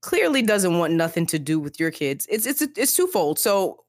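A low-voiced woman co-hosting a book podcast. She talks in a casual, emphatic way and repeats her points when she gets going. The mic sound is close and dry. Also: moderate pace, no echo. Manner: animated, emphatic, repeats herself. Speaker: podcast co-host.

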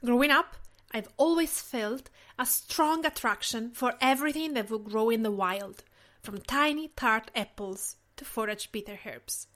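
A woman with an Italian accent hosts her podcast in a slightly high voice, reading a prepared script. She speaks in a gentle, measured way and pauses between phrases. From Tuscany, Italy. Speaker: podcast host.

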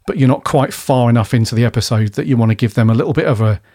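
This podcast co-host, a man with a medium-pitched, mellow voice, talks very fast as he rambles loosely through a TV episode. He's laid-back and chatty, swearing casually and laughing often, and his voice sounds close and dry with no room echo.

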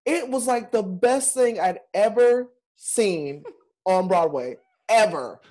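A man, a Broadway performer, telling stories in a casual, expressive way as an interview guest. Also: sits high, slow pace. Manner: animated, expressive storyteller.

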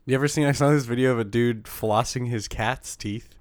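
A man co-hosting a casual podcast chat, telling stories with animated laughter and casual swearing. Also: mid-range voice, brisk, no echo, studio quality.

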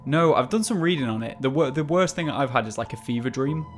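A man's voice: mid-range voice, animated, quick pace, faint music behind. A man talking casually as a podcast co-host, describing his fever dreams. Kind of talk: casual chat.

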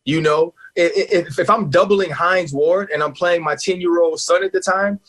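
A man with a husky, slightly high voice talks sports on a radio show. He is emphatic and animated and laughs often. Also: moderate pace. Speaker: guest analyst, former player.

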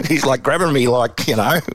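An Australian man and former footballer telling an animated story in an interview, slipping into lively acted quotes. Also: medium pitch, moderate pace, no echo. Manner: animated yarn-spinning with laughs and acted quotes. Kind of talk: interview anecdote.

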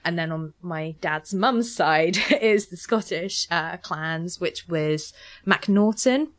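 Young woman, casual chat, lots of fillers, low-pitched. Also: slow. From United Kingdom. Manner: chatty, many fillers and restarts.

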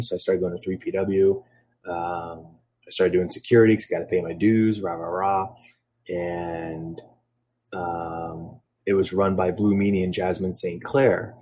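A man in his thirties from Philadelphia, a guest on a casual podcast, telling long rambling stories. His voice sits low and a little husky, and he fills pauses with ums. He slips into quick impressions when he quotes other people. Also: darkish tone. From Philadelphia, USA. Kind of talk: casual storytelling interview.

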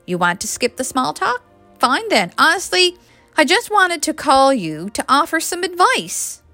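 A woman reading the lines of a brisk, pushy young woman who teases and presses. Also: high voice, wildly swooping pitch, pushed and bright, dry recording, soft background music, voice pushed up, full character voice. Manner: teasing, pressing.

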